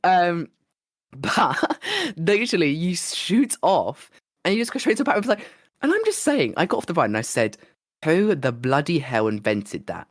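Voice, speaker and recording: A slightly hoarse man co-hosting a podcast, telling rambling, excitable stories in casual chat. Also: high voice, normal speed, no echo, studio quality. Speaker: podcast co-host.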